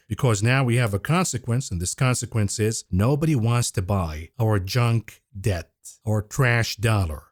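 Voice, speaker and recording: A man of ordinary pitch hosts a casual market recap show. His delivery is irreverent and sarcastic. The sound is dry, with no room around it. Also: no echo. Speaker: market commentary host.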